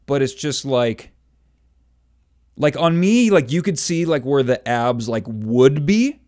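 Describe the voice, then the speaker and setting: A man's voice: mid-range voice, lively intonation, slow, darkish tone. A young man in casual chat, telling stories full of fillers and self-deprecating asides. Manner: rambling storyteller, filler-heavy, self-deprecating.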